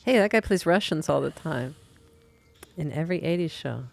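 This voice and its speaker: A man's voice: fairly high pitch, lively intonation, normal speed, creaky, faint music behind. A man co-hosting a casual chat about a show, rambling and often restarting his sentences. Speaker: co-host.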